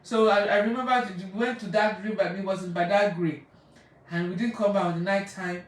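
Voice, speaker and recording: A woman's voice: medium pitch, steady tone, a little fast. Chatty woman in an echoey room. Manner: chatty, rambling, laughs often, breaks off to greet viewers. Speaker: spiritual practitioner. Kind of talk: casual storytelling on a live stream. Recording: very echoey room, far from mic.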